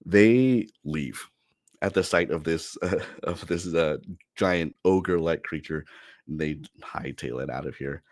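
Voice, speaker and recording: Low-voiced guy running a tabletop game, slow and rambly, dry close mic. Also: no room sound. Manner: relaxed, rambling with many fillers. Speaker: game master.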